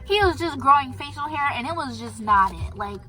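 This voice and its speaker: A teenage girl with a high, bright voice talks casually to the camera. She gossips in a chatty, storytelling way. Faint music plays behind her. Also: animated, brisk. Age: teens. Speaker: vlogger. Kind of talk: casual chat.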